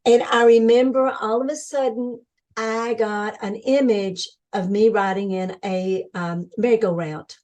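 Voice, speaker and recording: A woman speaking as a webinar guest, telling her spiritual experiences with excited energy, restarting sentences as her thoughts rush ahead. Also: fairly high pitch, unhurried. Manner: enthusiastic, spiritual, talks in bursts with restarts. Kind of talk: excited personal storytelling.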